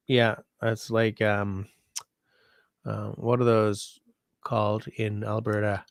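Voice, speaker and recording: Man, host reading viewer comments, rambling, sick, lowish voice. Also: slow, pauses often, dry recording, studio quality. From Canada. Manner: rambling, relaxed, reads viewer comments aloud. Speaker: livestream host. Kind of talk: casual livestream chat.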